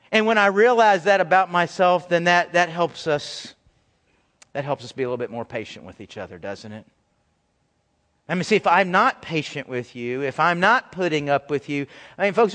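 A male pastor giving a conversational, animated sermon, acting out quoted voices as he goes. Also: high voice, in a large hall.

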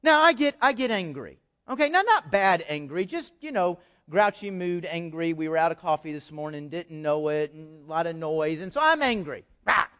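Animated high-voiced preacher. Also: male voice, normal speed, few pauses, clean tone. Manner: animated, repeats words, joking asides. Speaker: pastor. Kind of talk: sermon.

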